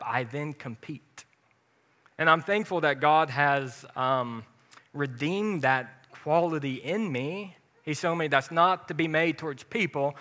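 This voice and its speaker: A man's voice: a little high, sharp tone. A man preaching an informal sermon, earnest and personal, with bursts of joking. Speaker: pastor.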